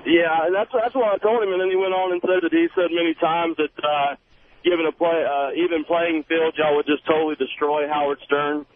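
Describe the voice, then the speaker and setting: A man's voice: fairly high pitch, steady tone, fairly quick. A man from South Carolina, calling into a radio show, polite and folksy. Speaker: caller. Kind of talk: phone call to radio show. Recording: tinny phone line with faint hiss.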